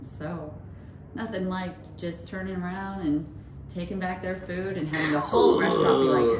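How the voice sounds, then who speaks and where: A woman co-hosting a podcast, telling stories in casual chat and acting out the people she quotes with lively jumps in her voice. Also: moderate pace, a crowd in the background. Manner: animated, acts out quoted voices with big pitch jumps. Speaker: podcast co-host. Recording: echoey room with faint noise.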